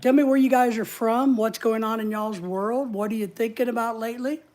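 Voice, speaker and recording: A woman's voice: a little high, fairly even intonation, brisk, a little mellow. A woman hosting a casual livestream, chatting in a rambling way and reading viewer comments aloud. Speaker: livestream host.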